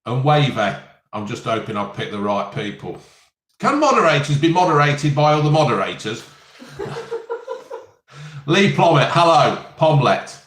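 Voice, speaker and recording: A man's voice: a little high, wildly swooping pitch, measured pace, long pauses, fairly bright tone, echoey room. Chatty man in his fifties. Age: 50s. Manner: chatty, jokey, reads viewer comments aloud. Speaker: live stream host. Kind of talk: casual live stream chat.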